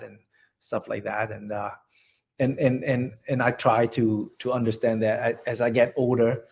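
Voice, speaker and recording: A man in his forties from central Vietnam with a Vietnamese accent, telling his story in an oral history interview, halting and restarting often. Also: mid-range voice, little pitch movement, vocal fry. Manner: halting, many restarts and repeated words.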